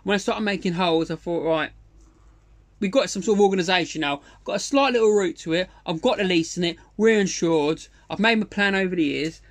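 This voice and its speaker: A high-pitched man, middle-aged, spins a rambling fishing yarn in loose casual chat. He gets excitable, swears freely, stumbles through restarts and throws in sound effects as he goes. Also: a little fast. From England. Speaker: angler telling a fishing story. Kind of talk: casual storytelling monologue.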